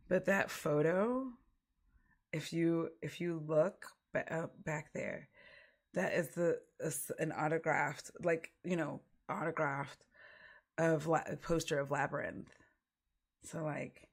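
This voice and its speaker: A female streamer chats casually on a livestream, drifting from one thought to the next with lots of giggles and fillers. Her low voice has a gravelly fry, and she keeps a steady tone at an unhurried pace.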